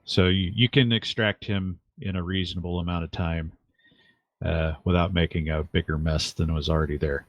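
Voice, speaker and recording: A man's voice: low voice, fairly even intonation, normal speed, no echo. A man running a tabletop game as game master, thinking aloud with fillers and wry asides. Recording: dull lo-fi dry mic.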